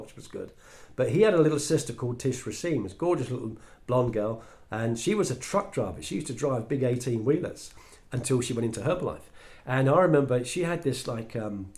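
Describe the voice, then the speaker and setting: A man with an English accent telling a personal story as a monologue, acting out the dialogue he quotes. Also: mid-range voice. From England. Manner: animated, acts out quoted dialogue. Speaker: speaker sharing his story.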